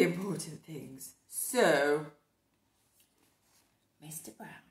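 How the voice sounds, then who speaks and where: A woman reading a picture book aloud to children, animated, with hushed whispered asides to her young listeners. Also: mid-range voice, extremely slow, pauses often. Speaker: storyteller. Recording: echoey room.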